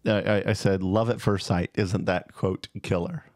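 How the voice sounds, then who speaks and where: A man's voice: sits low, steady tone, moderate pace, darkish tone, no echo, studio quality. A man co-hosting a casual movie review chat, rambling and hesitant with many fillers and restarts. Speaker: podcast co-host.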